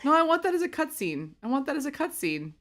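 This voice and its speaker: Lively, excitable woman streamer. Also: sits high, fast talker, soft background music. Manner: expressive, laughing, swearing, dramatic. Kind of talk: excited game play-through commentary.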